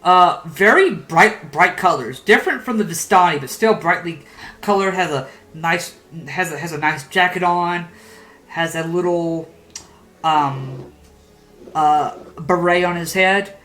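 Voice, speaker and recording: A woman's voice: fairly low pitch, unhurried, fairly bright tone, poor audio. A woman narrating a tabletop game as game master, rambling with many fillers.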